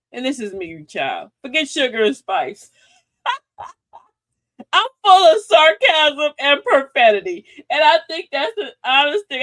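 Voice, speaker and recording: A woman's voice: high voice, a bit bright, no room sound. A middle-aged woman hosting a casual livestream talk, folksy and sassy, preaching advice and laughing often. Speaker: livestream host.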